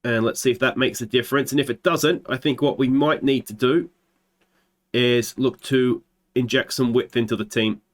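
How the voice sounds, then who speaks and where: An Australian man hosting a football management let's play, calling his match like a commentator and swinging into excited shouts at big moments. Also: mid-range voice, moderate pace. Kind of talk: gameplay commentary.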